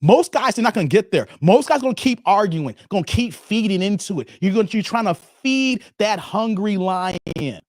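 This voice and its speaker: A man's voice: high-pitched, animated, moderate pace, few pauses, a little mellow, dry recording, clean studio sound. A man hosting a dating commentary channel, telling a personal story in a frank, confiding way and speaking straight to viewers. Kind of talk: casual monologue storytelling.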